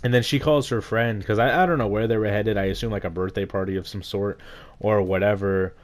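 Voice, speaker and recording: A young man telling a frustrating story in a rambling, casual way, his voice rough from being sick. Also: lowish voice, fairly even intonation, a little fast. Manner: rambling, heavy use of "like", frustrated. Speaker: gaming vlogger. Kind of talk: casual storytime rant over gameplay.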